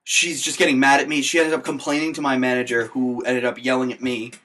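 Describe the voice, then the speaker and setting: A man's voice: mid-range voice, fast. Young guy telling a work story to friends, plain mid voice. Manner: animated storyteller. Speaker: podcast co-host. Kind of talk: casual chat.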